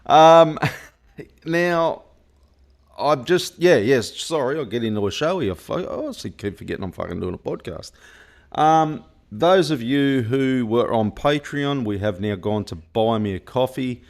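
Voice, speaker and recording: A man's voice: mid-range voice, lively intonation, normal speed. An Australian man hosting a football podcast in loose, sweary, laughing chatter. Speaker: podcast host. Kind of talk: casual football podcast chat.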